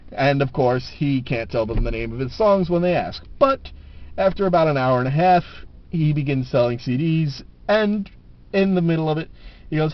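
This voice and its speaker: A man's voice: a little high, no echo. A man telling jokes casually to the camera, laughing at his own punchlines, on a dull lo-fi camera recording.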